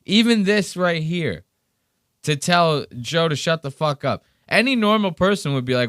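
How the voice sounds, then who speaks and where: A man hosts a podcast and reacts to comedy clips in a loose, profane, mocking way. His voice is smooth and resonant. He sits close to a dry mic with no room sound. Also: fairly high pitch, moderate pace, no room sound. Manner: profane, sarcastic, animated storytelling. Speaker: podcast host. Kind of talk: casual commentary on clips.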